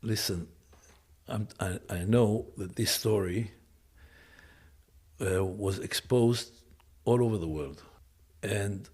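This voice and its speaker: A man with a low, somewhat husky voice answers an interviewer. He is hesitant and restarts often while he searches for his words. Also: slow pace, a little mellow. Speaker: interview guest, father.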